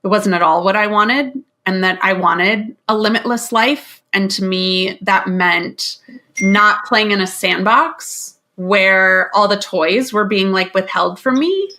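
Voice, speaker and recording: A woman's voice: mid-range voice, takes it slowly, pushed and bright. A woman business coach speaking as a podcast guest, candid and a little rambling, with an occasional swear. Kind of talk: casual interview talk.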